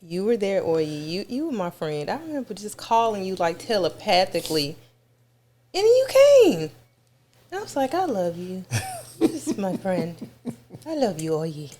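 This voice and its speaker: A woman's voice: mid-range voice, very animated, normal speed, darkish tone. A woman recounting an experience in casual conversation, effusive and repeating words for emphasis. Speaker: guest describing her experience.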